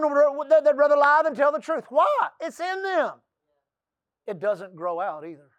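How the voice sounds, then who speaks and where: High-voiced Texas preacher, folksy sermon. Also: male voice, no room sound. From Texas coast. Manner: folksy, calls for amens, drops to soft low voice for quotes. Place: church.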